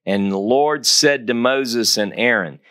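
A man's voice: medium pitch, unhurried, a bit bright. A man giving a Torah teaching, reading scripture dramatically and stressing key phrases by repeating them. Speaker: Bible teacher.

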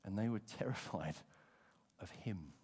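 A man preaching a sermon as pastor, telling stories with animation and dropping to a hush for emphasis. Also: sits low, a little slow, slightly rough, in a large hall. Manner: animated storytelling, acting out voices, dropping to hushed emphasis.

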